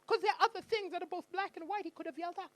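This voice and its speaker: Stand-up comic from Malawi, high bright voice, animated storyteller on a club stage. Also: male voice, racing. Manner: animated storytelling, acts out shouting characters. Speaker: stand-up comedian. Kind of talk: stand-up comedy set.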